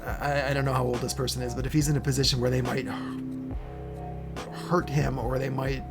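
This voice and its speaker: A man streaming live, chatting in a halting, earnest way with many restarts, getting emotional as he speaks. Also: medium pitch, little pitch movement, music in the background. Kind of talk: casual live-stream chat.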